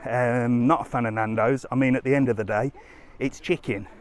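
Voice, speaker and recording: A man's voice: mid-range voice, steady tone, moderate pace. A chatty man talks straight to his phone as he walks outdoors along a seaside promenade. His commentary rambles and turns cheeky, with an ordinary mid-range voice. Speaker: travel vlogger. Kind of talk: live walking vlog.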